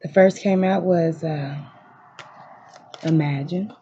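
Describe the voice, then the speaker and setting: Tarot reader, emphatic and repetitive, swears a lot, dark mellow tone, slightly muffled lo-fi home recording. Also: mid-range voice, slow pace, a little hiss or hum. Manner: emphatic, repetitive, profane, emotionally intense. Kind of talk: tarot card reading, direct address to viewers. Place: room at home.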